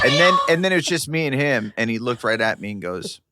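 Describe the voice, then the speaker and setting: A man's voice: medium pitch, brisk, heavy background noise. A man co-hosting a comedy podcast, telling stories in casual chat and acting out the dialogue as he goes. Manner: animated storyteller acting out quoted dialogue. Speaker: podcast co-host.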